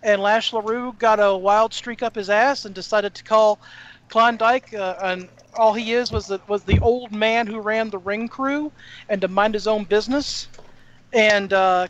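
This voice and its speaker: A man tells a rough, cursing anecdote with lively energy. His voice sits high. The recording sounds muffled and lo-fi. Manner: salty, swears freely, animated anecdotes. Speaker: podcast co-host. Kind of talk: casual storytelling chat. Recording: dull lo-fi sound.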